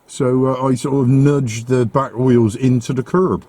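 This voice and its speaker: A man's dark, steady mid-range voice comes at a measured pace as he vlogs, walking outside in the rain before moving into his car. Breathless and fed up, he grumbles and swears a little.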